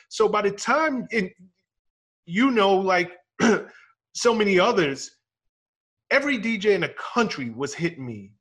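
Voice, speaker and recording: A man hosting an interview, explaining things in a measured and deliberate way. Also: high-pitched, fairly bright tone, husky. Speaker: podcast host and former music manager. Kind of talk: interview conversation.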